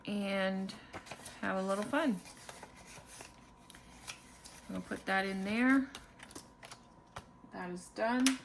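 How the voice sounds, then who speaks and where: A woman narrates her budgeting vlog in an easy, leisurely way, counting bills one by one. Her voice sits at an ordinary middle pitch. A light background hiss sits under her talk. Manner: calm, unhurried, counting money aloud. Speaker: budgeting channel host. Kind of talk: casual cash-stuffing vlog narration.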